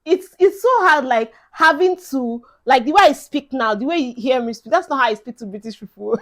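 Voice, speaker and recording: Young Nigerian woman vlogger, emphatic and chatty, somewhat high-pitched, mixes in Pidgin. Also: animated, a little fast. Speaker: vlogger giving advice to incoming students. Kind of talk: casual advice vlog.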